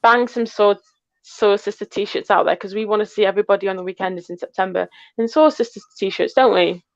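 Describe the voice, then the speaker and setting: A woman's voice: medium pitch, a little fast, no echo, dull audio. An English woman co-hosting a casual live chat, teasing her friend and reading out viewer comments. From England. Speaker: co-host of a metal detecting channel.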